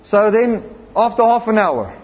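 A very animated, high male voice, delivered a little slowly, carries a South African English accent through a sermon. He stresses his stories and repeatedly says amen and hallelujah. The audio is lo-fi and slightly muffled, with faint background noise.

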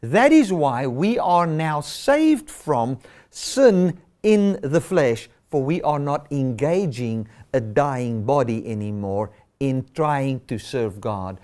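A man's voice: medium pitch, lively intonation, takes it slowly, darkish tone. A man preaching a sermon, stressing and repeating key words.

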